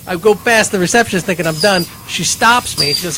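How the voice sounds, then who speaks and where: High-voiced man telling a comic story. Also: brisk, heavy background noise. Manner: rambling, self-deprecating storyteller. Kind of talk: comedic storytelling.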